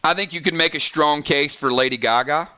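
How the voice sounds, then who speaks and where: Bright, chatty man hosting a livestream. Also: fairly high pitch, clean tone. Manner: chatty and animated, quick asides, frequent "right?". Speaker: host of a gaming channel livestream. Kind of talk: casual livestream chat reading viewer comments.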